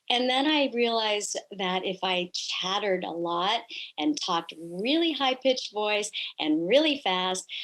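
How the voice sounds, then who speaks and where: A middle-aged woman telling personal stories in an earnest, reflective way, often pausing on fillers as a guest in a conversation. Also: mid-range voice, fairly bright tone, rough recording.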